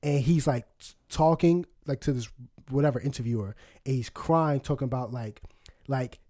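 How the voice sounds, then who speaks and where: A man's voice: mid-range voice, normal speed, mellow. A man in his thirties co-hosting a podcast, telling rambling stories with lots of swearing and laughter. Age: 30s. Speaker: podcast co-host. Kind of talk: casual chat.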